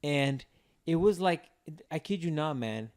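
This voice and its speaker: A man's voice: on the high side, a little slow, smooth. A man co-hosting a podcast, chatting casually and telling rambling, profane stories with lots of fillers. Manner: rambling, profane, animated storytelling. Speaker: podcast co-host.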